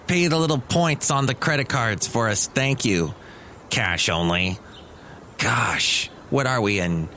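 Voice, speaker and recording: A man's voice: fairly high pitch, bright, forceful tone, slight background noise. A middle-aged man hosting a solo comedy podcast, chatty, wry and meandering. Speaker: podcast host.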